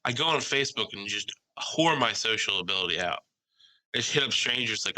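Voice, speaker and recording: A young man co-hosting a casual podcast, telling animated stories, swearing freely and mimicking other people's voices. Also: on the low side, brisk, rough recording. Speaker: podcast co-host.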